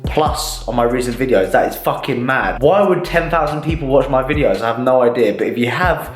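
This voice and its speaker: A young man vlogging casually, rambling with excitement and swearing freely. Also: mid-range voice, brisk, faint music behind. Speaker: fitness vlogger. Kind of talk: casual vlog chat. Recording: roomy echo, faint noise.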